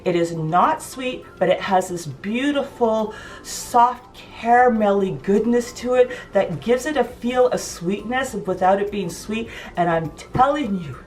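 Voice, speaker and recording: A woman's voice: medium pitch, a little slow, distant mic. A woman chatting enthusiastically and emphatically in a home cooking vlog. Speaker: vlogger. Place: home kitchen.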